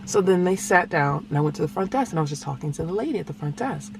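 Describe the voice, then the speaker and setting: A woman vlogger and single mother, telling a family story in a casual, animated way and sometimes acting out voices. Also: lowish voice, fast, noisy background. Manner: animated, acts out voices, laughs through the telling.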